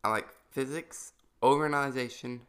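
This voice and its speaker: A young man with a bright, tense voice co-hosts a casual podcast. He is self-conscious and giggly and keeps tripping over his own words. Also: medium pitch, steady tone, a little fast. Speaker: podcast co-host.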